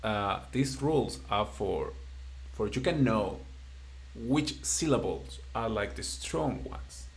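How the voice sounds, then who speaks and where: A man teaching a beginner class in English, patient and encouraging as he explains rules slowly. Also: fairly low pitch, expressive, gravelly. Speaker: Spanish teacher. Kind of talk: live-streamed online language lesson.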